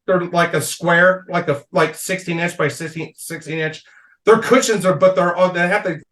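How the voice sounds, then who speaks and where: A man with a fairly high voice tells a wild story on a casual comedy podcast. He is loose and profane and laughs through his own tale. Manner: animated storyteller, swears a lot, laughs mid-story. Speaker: podcast guest.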